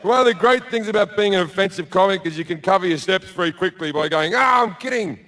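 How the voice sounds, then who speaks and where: A man's voice: sits high, fairly even intonation, fast talker, a bit bright. A middle-aged man doing stand-up comedy, telling a crude story bluntly with lots of swearing, on a club stage with a handheld mic. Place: comedy club stage before a live audience.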